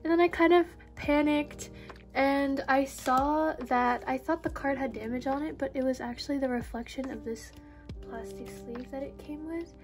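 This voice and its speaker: High-voiced young woman, gushing vlogger opening mail, music underneath. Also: normal speed. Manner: excitable, gushing, breathy exclamations. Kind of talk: unboxing haul vlog. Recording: background music.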